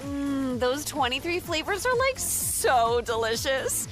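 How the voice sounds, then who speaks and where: A bubbly young female football fan in a soda ad, chattering in a giggly valley-girl way. Her voice sits very high and swoops around constantly. A clear music bed plays under her. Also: sing-song, takes it slowly, a bit bright, exaggerated voice. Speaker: soda ad character.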